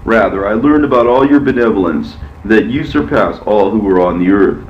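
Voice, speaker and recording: A man reading the part of a reverent, pleading archangel in a measured, solemn way, heard from far off in an echoey space. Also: lowish voice, expressive, highs cut off, close to an everyday voice. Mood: gentle.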